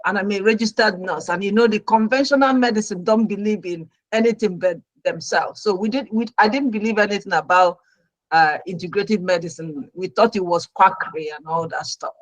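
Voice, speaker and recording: A middle-aged woman, a registered nurse, telling her own story as a talk show guest with lively, dramatic delivery. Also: mid-range voice, brisk, no room sound, poor audio. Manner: animated storyteller who acts out her own past reactions.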